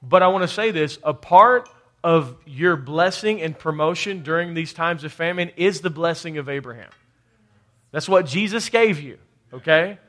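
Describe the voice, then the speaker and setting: A man preaching a sermon in a high voice. He calls on the congregation for amens and repeats words as he works toward a point. Now and then his delivery rises to emphatic bursts. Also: normal speed, a bit bright. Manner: call-and-response preaching, rising to emphatic bursts. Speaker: pastor.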